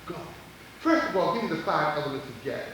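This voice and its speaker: A man's voice: on the high side, sing-song, fast. A man emceeing a live audience quiz at a college event, teasing contestants playfully and laughing often. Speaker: emcee quizzing audience members. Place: large college event hall. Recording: echoey hall taped from far off, noisy old videotape.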